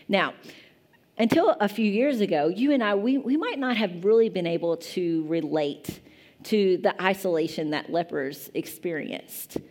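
A woman's voice: mid-range voice, a little mellow. A woman in her thirties preaching a sermon in a church, conversational and often asking the congregation questions. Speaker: pastor. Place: church sanctuary.

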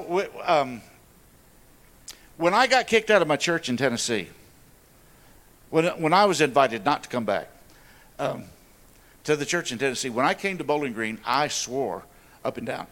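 A man's voice: fairly high pitch, animated, unhurried, pauses often, fairly bright tone. A man giving an earnest, emphatic sermon in an informal style, with repeated phrases and personal asides. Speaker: church staff member preaching.

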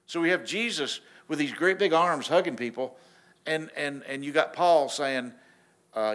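A man preaching a sermon in a casual, animated storytelling way, often restarting his sentences. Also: a little high, normal speed. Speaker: pastor.

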